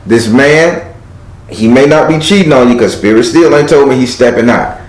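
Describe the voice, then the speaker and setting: A man's voice: mid-range voice, normal speed, roomy sound, poor audio. A man doing a live tarot reading, giving blunt, profane advice and acting out the lines he quotes. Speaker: tarot card reader.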